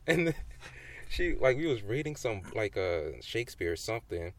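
A man's voice: medium pitch, lively intonation, moderate pace. A young man co-hosting a podcast in casual chat, telling rambling stories and giggling often. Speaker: podcast co-host.

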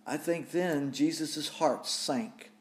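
A man's voice: fairly high pitch, slow. A man preaching a sermon, reading scripture aloud and reflecting on it with repeated rhetorical questions.

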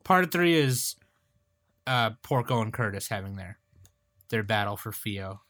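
A man hosting a casual podcast chat about films, quick to jump in and explain at length. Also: fairly low pitch, lively intonation, fairly bright tone, dry recording. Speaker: podcast host.

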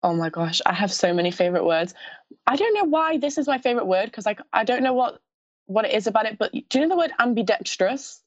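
A young Scottish woman with a mild lisp chats as a pageant contestant in a casual interview, giggly and chatty, often restarting her sentences. Her voice is a little high, animated, and fast, in a muffled recording with no room sound.

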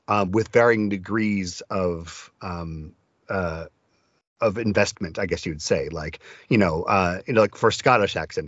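Low-voiced man with dull sound. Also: husky, no echo. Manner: enthusiastic, rambling with many restarts. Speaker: audiobook narrator. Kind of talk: casual interview talk.

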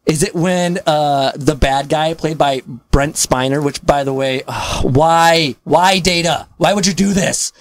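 A woman co-hosting a casual movie podcast, talking with animated skepticism and frequent laughter. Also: low voice, measured pace, hardly any pauses, no echo. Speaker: podcast co-host.

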